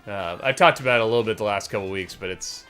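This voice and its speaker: Bright-voiced man chatting on a game stream. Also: fairly low pitch, quick pace. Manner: relaxed, rambling with many fillers. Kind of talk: casual game-stream chat. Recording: faint game music behind.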